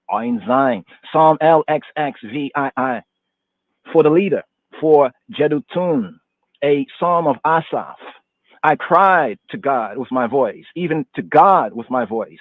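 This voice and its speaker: A male podcast host slowly reciting and expounding a daily psalm, repeating words in a chanting manner. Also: fairly high pitch, creaky, dry recording. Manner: slow, repetitive chanting recitation. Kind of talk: psalm reading and teaching. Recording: tinny phone-line audio.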